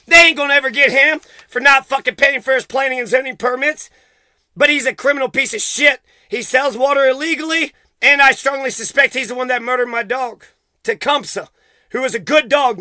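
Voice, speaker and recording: A man with a very high, sharp and piercing voice unloads a profane, accusatory rant straight at the camera. His heated delivery sounds close and completely dry, with no room at all around it. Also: dry recording. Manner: heated, swearing constantly, accusatory. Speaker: vlogger.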